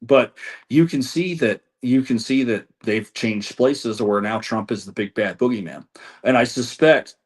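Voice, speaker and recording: A man's voice: medium pitch, measured pace. A man being interviewed as an election data analyst, reeling off figures with frequent restarts. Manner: rattles off statistics, frequent restarts. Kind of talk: interview answers.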